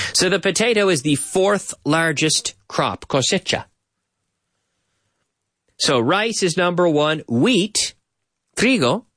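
This is a bilingual radio show, hosted from a studio by a man whose voice is fairly high and a bit bright. He chats, explains clips, and weaves in Spanish translations, all on a dry recording.

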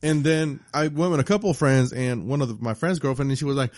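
A man chatting casually about a movie, animated and crude, mixing in Spanish slang. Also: mid-range voice, quick pace, no room sound. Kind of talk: casual film chat.

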